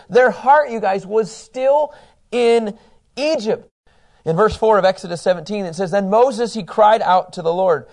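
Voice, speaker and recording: A man's voice: sits high, a little slow, darkish tone. A man teaching a Bible study in a conversational, enthusiastic way, acting out quotes.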